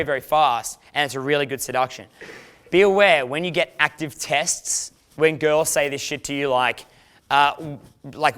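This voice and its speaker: A man's voice: on the high side, a bit bright. A man, a dating coach giving a casual, profane instructional talk and acting out quoted lines.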